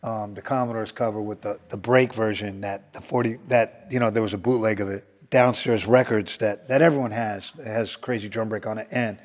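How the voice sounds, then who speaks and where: A man's voice: lowish voice, steady tone, brisk, hardly any pauses, in a large hall. A man telling a story in a casual interview, acting out quotes, laughing often and swearing freely. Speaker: guest storyteller.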